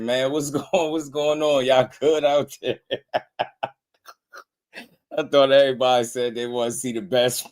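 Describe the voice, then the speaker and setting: A man with a New Jersey accent hosting a casual boxing livestream, laughing often and chatting in relaxed slang with his viewers. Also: mid-range voice.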